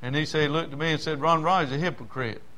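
A man preaching a sermon in a dramatic, folksy way, swinging between loud outbursts and low murmurs. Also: fast. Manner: folksy, with many fillers and restarts.

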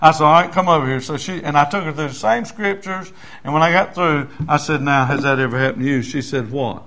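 A man's voice: a little high, fast talker, a bit bright. A man, preaching and telling a story in a folksy way, full of "I said, he said" and building to fervent emphasis. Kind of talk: testimony story in a sermon.

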